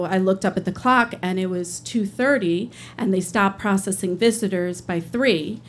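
A woman's voice: medium pitch, normal speed, hardly any pauses. A woman and public defender telling a personal story on stage, conversational, earnest and emotional.

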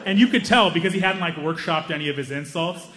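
A young man telling a long comic story on stage, self-mocking and animated, with quick asides. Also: fairly high pitch, big-room sound, noisy background. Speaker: stand-up comedian. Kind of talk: stand-up storytelling.

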